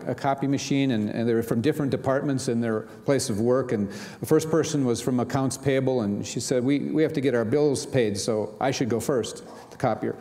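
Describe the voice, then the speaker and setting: Middle-aged guy preaching a sunday sermon, mellow voice, lots of uhs and restarts, echoey big church. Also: mid-range voice. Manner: storytelling with frequent fillers and restarts. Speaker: minister. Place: large church sanctuary.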